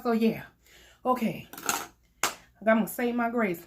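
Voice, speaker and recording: A woman's voice: fairly high pitch, slow, pauses often. A young woman chatting playfully to her viewers while eating, laughing often as she talks. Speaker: mukbang vlogger. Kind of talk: casual chat while eating.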